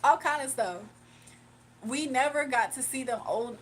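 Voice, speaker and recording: A woman's voice: fairly high pitch, moderate pace, faint music behind. A young woman hosting a casual livestream, laughing often and chatting in slang with her viewers. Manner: laughs often, slangy, reads chat aloud. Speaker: livestream host. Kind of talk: casual live-stream chat with viewers.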